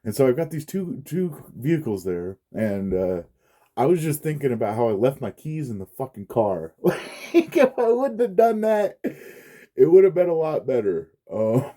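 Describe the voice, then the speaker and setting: Profane, dark-voiced man ranting. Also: medium pitch, sing-song, normal speed. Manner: profane, frustrated, laughs often. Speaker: vlogger. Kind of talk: casual storytelling rant.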